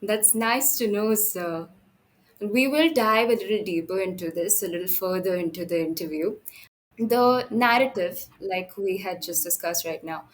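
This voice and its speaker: A woman, hosting an interview and putting earnest, prepared questions with filler pauses. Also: medium pitch, a little hiss or hum, rough recording. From India. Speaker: interviewer, host.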